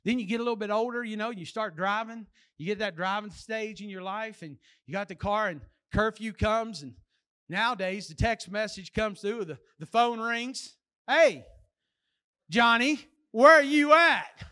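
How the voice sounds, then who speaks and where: A man's voice: sits high, normal speed, fairly bright tone, clear, resonant tone. An older man preaching a sermon in a church, in a folksy, emphatic way and with plain everyday phrasing.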